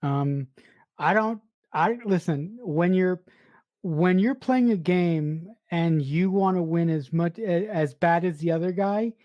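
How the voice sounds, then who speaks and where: A woman's voice: on the low side, takes it slowly, no echo, dull audio. A woman co-hosting a podcast, giving firm opinions about a film in casual chat. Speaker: podcast co-host.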